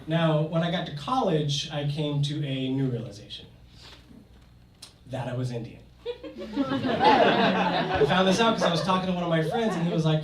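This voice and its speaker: A young man telling a comic personal story on stage to a live audience, in an animated, conversational way. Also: fairly high pitch, moderate pace, pauses often, distant mic. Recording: echoey hall, mic from afar, audience noise.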